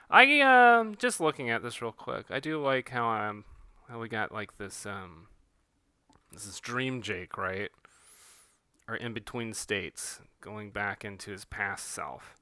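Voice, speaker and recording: A man's voice: mid-range voice, expressive, slow, bright, forceful tone, smooth, no room sound. A man reading his own comic and giving casual commentary, folksy and self-deprecating, recorded close and dry.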